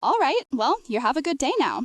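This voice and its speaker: A woman voicing a patient small-town shopkeeper husband who coaxes gently and jokes dryly. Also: sits high, big pitch swings, a little fast, no room sound. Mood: friendly. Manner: gentle, coaxing, dry humor.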